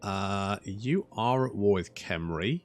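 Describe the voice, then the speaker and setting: A man's voice: fairly low pitch, animated, slow pace. A man giving casual, wry commentary over a strategy game, swearing freely and chatting to his units. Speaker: gaming channel host.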